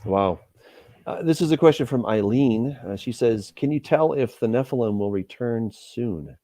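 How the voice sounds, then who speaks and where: A man hosting a live interview, reading viewer questions and musing in a relaxed way. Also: mid-range voice, moderate pace, no echo. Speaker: host.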